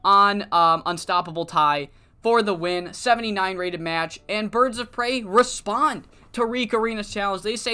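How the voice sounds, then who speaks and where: A casual game commentator narrating a wrestling sim save, excitable and swearing freely while paraphrasing characters' promos. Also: medium pitch, normal speed, clear, resonant tone.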